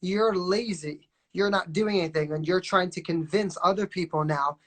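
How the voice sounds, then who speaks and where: A woman's voice: fairly low pitch, moderate pace, fairly bright tone. A woman hosting a casual live chat who talks emphatically and often voices agreement. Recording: live social video.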